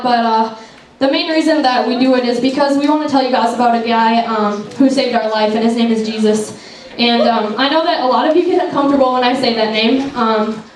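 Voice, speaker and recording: High-voiced young woman in an echoey hall. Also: distant mic. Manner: chatty, heavy on fillers like "like" and "um". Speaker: event speaker. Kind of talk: casual testimony talk to a youth crowd. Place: large echoey event hall.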